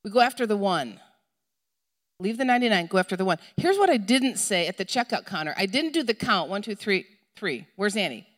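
A middle-aged woman preaching a sermon, telling a story with lively, acted-out moments and calls to the congregation. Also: mid-range voice, a little fast. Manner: animated storytelling, acts out shouting for a lost child. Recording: long hall reverb.

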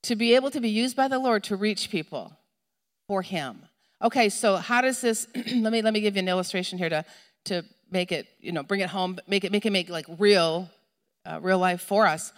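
A middle-aged woman preaching a sermon, telling a story with lively, acted-out moments and calls to the congregation. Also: mid-range voice, moderate pace. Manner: animated storytelling, acts out shouting for a lost child. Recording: long hall reverb.

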